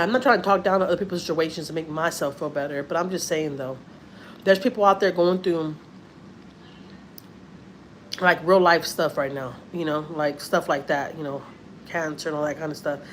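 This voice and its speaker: A family vlogger from Houston, Texas, speaks with a drawl in a fairly low voice, telling a personal story in a chatty, earnest way at a moderate pace. She pauses often, loops back over her points, and repeats phrases. Faint ambient noise sits beneath her voice.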